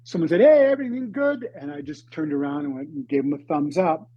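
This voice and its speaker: Older guy, 70s, husky voice, stop-start dramatic storytelling, dry dull-sounding mic. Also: a little high, little pitch movement. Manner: halting, dramatic, with swings between loud and hushed. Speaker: guest. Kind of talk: storytelling in a podcast interview. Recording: dry, slightly dull lo-fi recording.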